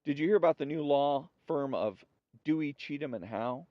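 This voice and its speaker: A man hosting a show, reading jokes aloud in a relaxed storytelling way and acting out the characters' lines. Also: fairly high pitch, normal speed, dry recording, muffled recording. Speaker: host.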